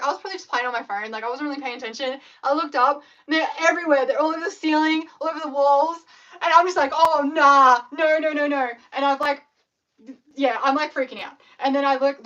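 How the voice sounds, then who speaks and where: A young Australian woman who makes scrunchies chats casually on a live stream, rambling and using lots of fillers. Her voice is high-pitched and a little bright. The livestream audio sounds dull and lo-fi.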